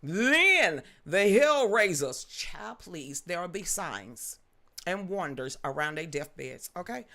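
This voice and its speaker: Taking her time, a low-voiced woman runs an unscripted political live stream. She greets viewers in the chat by name while talking in a mocking, sassy, animated way.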